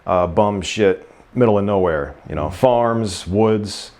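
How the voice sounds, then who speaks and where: Low-voiced guy from New York. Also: a little mellow. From New York, Staten Island. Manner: easygoing, unhurried, frequent fillers and restarts. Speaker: guest. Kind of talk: casual interview chat.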